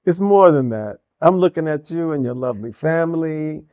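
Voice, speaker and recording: A man hosting a casual interview, answering with short affirmations and warm praise for his guest. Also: on the high side, animated, moderate pace, clear, resonant tone, dry recording. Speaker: host. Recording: dry muffled lo-fi audio.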